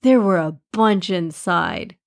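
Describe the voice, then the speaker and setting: Woman playing small boy, timid, soft, storybook. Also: lowish voice, wildly swooping pitch, takes it slowly, vocal fry, exaggerated voice. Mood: earnest.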